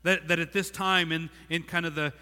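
A man's voice: fairly high pitch, flat delivery, normal speed, pushed and bright, clear, resonant tone. A man in his thirties preaching a sermon, earnest and repeating words, acting out the thoughts of the figures he reads about. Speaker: pastor. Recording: long hall reverb.

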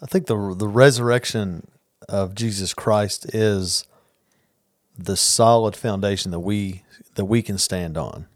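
A man on a church podcast talks sincerely, sometimes losing his train of thought. His voice is fairly low and the sound is dry and close. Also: a little slow, no room sound. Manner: sincere, loses his thread. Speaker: church staff member. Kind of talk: casual church podcast chat. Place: church office studio.

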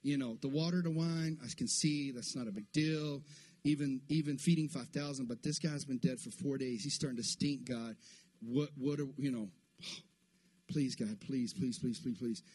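A man's voice: mid-range voice, steady tone, moderate pace, a little mellow, voice pushed down, close to an everyday voice. A male pastor voicing an anxious Jesus who mutters a pleading prayer under his breath, repeating his begging.

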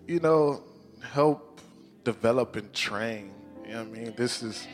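A man preaches, openly emotional and quick to laugh. His voice sits in a middle register. Soft music plays underneath. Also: medium pitch, big-room sound. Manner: emotional, excitable, laughs often. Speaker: pastor. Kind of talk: sermon.

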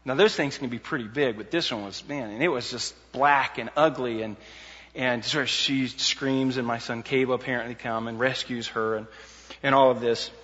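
A man's voice: medium pitch, normal speed. A man preaching an expository sermon, conversational with emphatic climaxes and many restarts. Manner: emphatic, rising to near shouts on key points. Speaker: pastor. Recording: dull audio with long hall reverb.

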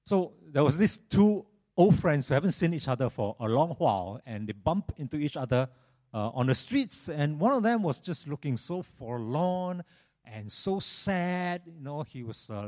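A man preaching a sermon in an animated, storytelling manner, often repeating his phrases. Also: a little high, moderate pace.

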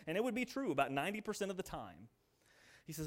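A middle-aged man delivers a sermon to his congregation. His voice sits high for a man. He keeps it conversational and animated, acting out the voices in his stories. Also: fast. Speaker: pastor.

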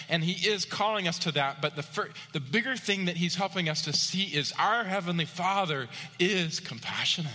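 A man's voice: a little fast, few pauses, bright, forceful tone. A man preaching a sermon, telling personal stories with many fillers and rising to emphatic peaks. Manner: rising to emphatic high-pitched peaks on key points; personal storytelling with frequent fillers. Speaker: pastor. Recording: long hall reverb.

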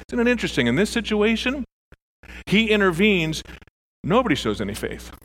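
Pastor preaching a sermon, male, animated storyteller, a bit higher-pitched voice. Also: normal speed, pauses often, slight background noise. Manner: animated, acts out voices in his stories.

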